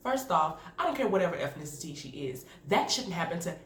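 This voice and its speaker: Animated woman in an echoey room. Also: on the low side, a little fast. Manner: candid, animated, laughing often. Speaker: video reviewer. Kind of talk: casual reaction commentary. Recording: echoey room with faint noise.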